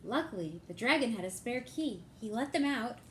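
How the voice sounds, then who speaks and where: A woman reading a children's picture book aloud at storytime with an expressive, storybook cadence. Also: a little high, normal speed, a little hiss or hum.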